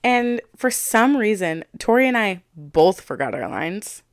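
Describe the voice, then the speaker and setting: A woman's voice: medium pitch, big pitch swings, a little slow, no echo, clean studio sound. A young woman co-hosting a podcast, chatting casually and laughing easily as she tells her stories. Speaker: podcast co-host. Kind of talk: casual chat.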